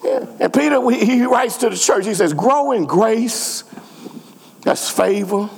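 A male pastor delivers a sermon with a high, wide-ranging voice that swings up and down. A rough, gravelly texture runs through his speech as he repeats phrases and urges his congregation on. The sound rings with the long reverb of a church sanctuary. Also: lively intonation, moderate pace. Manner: repetitive call-and-response preaching.

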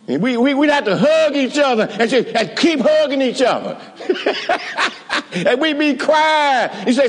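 A man's voice: extremely high pitch, animated, moderate pace, long reverb tail. A man preaching a sermon, emphatic and rousing, calling out to his congregation and often restarting his phrases. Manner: calls out to the congregation.

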